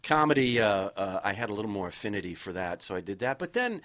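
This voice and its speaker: A middle-aged man from Wisconsin, a comedian guest chatting casually on a podcast and telling lively stories. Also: on the low side, fast talker. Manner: lively storyteller who slips into an excited sportscaster voice.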